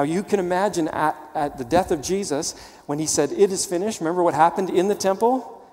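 A man's voice: a little high, a little mellow. Emphatic preacher man, long hall echo. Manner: emphatic, teaching with rhetorical questions. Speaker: pastor. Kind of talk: sermon.

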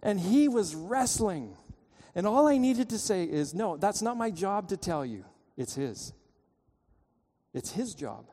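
A man preaching a sermon, telling a story and pleading with his listeners, his voice swinging between loud and hushed. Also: sits high, very animated, a little slow. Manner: storytelling, urgent pleading, dramatic shifts in loudness. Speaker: pastor. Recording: long reverb of a church hall.

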